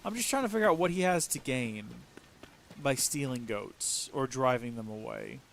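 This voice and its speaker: A man's voice: medium pitch, animated, normal speed, fairly bright tone, a little hiss or hum. Chatty man streaming a game. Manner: rambling, chatty, muses aloud with frequent restarts. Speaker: let's play streamer. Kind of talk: casual gameplay commentary.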